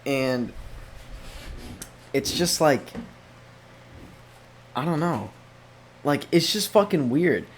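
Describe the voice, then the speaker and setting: A man's voice: fairly high pitch, animated, extremely slow, pauses often, a little hiss or hum. Rambling, swearing young man. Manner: profane, rambling, many restarts. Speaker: podcast host. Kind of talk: casual solo podcast monologue.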